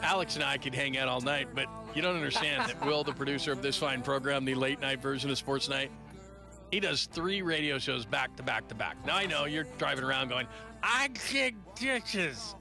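A man's voice: mid-range voice, fairly quick, vocal fry, over music. A man hosting late-night sports radio, rambling and joking in loose asides. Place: radio studio. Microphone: studio microphone.

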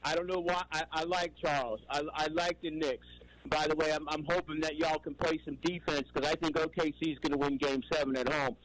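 Older male caller from New York, slightly high voice, rambling and emphatic, heard over a radio call-in line. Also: steady tone, brisk, a bit bright, rough recording. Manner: rambling, emphatic, repeats himself.

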